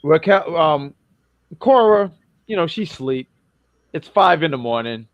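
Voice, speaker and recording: A man's voice: on the high side, sing-song, unhurried, lo-fi sound, a little hiss or hum. A man from New York co-hosting a casual wrestling review podcast, rambling and self-correcting as he jokes around.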